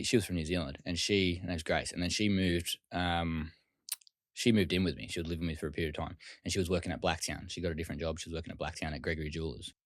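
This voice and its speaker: Casual Australian male guest; low voice, dry close sound, loose rapid delivery with swearing. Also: no room sound. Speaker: interview guest. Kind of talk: casual storytelling interview.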